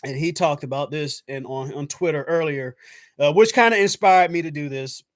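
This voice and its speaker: A man from the States talks to his stream viewers in a relaxed, rambling way, his voice sitting a little high for a man. He livens up whenever he acts out what he was thinking, and the sound is close and dry. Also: moderate pace, no room sound. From United States. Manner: loose and chatty, lots of "man" and "I was like"; animated when acting out his own past thoughts. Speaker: YouTube channel host. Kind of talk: casual live-stream chat.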